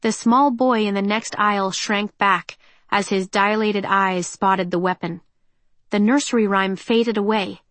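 A woman's voice: mid-range voice, no room sound. Woman narrating a tense audiobook. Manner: measured, tense, expressive reading.

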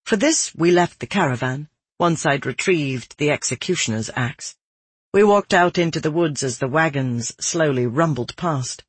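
A man reads a first-person adventure story aloud in a steady, descriptive manner. His voice is husky and sits a little high for a man. The sound is dry and close. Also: moderate pace, no echo. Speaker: audiobook narrator. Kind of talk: scripted first-person narration.

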